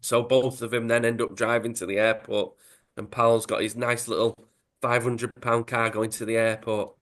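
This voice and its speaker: Brief: male host, conversational, mid-pitched, narrating with energy. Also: moderate pace. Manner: chatty, animated storytelling. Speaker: podcast host. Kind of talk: casual story retelling.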